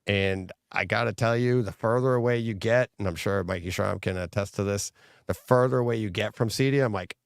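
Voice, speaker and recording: Guy cohosting a home theater podcast, gravelly fry in his voice, dry close sound, rambles and restarts a lot. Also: lowish voice, a little fast, no echo. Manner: rambling, excitable, restarts often. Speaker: podcast co-host. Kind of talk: casual chat.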